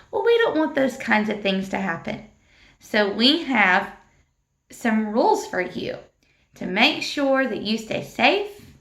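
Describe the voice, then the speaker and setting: Bright-voiced woman teaching young children. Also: on the high side, very animated. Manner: encouraging, slow and sing-song when reciting with the class. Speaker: teacher leading a school devotional. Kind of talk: recorded classroom lesson for children. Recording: echoey room.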